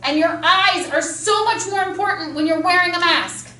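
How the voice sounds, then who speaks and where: A woman speech teacher lecturing a class, enthusiastic and quick with examples, speaking through a mask. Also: extremely high pitch, pushed and bright, a little hiss or hum. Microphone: masked, recorded from across a classroom. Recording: echoey classroom from far off.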